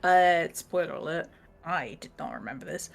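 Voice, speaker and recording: Her voice sits low with vocal fry as she talks at a normal speed, giving a rambling, casual rundown of her tabletop group's previous session. She laughs and curses while quoting what the characters said.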